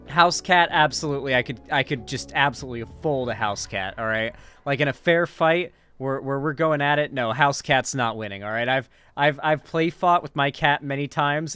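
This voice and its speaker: A man's voice: medium pitch, a bit bright. A young man hosting a casual live commentary stream, loose and rambling, swearing casually and tagging his lines with questions.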